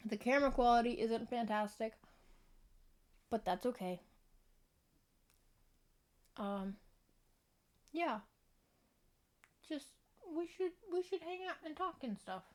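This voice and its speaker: A woman's voice: on the high side, animated, slow, long pauses. Giggly, rambling young woman vlogging. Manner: rambling, giggly and often apologetic. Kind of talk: casual chat to camera. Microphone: external microphone.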